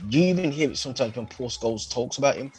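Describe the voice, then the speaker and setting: A man co-hosting a casual football podcast, talking in animated, slangy, opinionated bursts. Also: mid-range voice, fast, husky, soft background music, rough recording. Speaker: podcast co-host.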